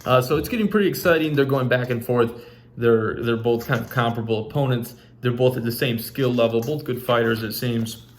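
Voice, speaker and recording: A man's voice: medium pitch, a little fast, slight background noise. Man teaching a literature lesson. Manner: casual, many fillers and restarts. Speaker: English teacher. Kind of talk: recorded video lesson.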